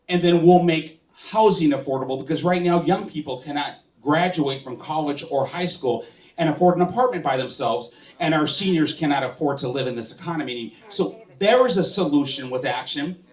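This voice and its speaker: A man's voice: fairly high pitch, normal speed. A man, a political candidate, giving an impassioned campaign speech and firing rhetorical questions at the crowd.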